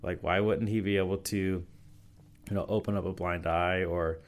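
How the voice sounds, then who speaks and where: A man's voice: low-pitched, steady tone, normal speed. A man who is a youth pastor, telling stories in a casual podcast interview, full of "like" and "you know" restarts. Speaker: youth and young adults pastor. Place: podcast recording session.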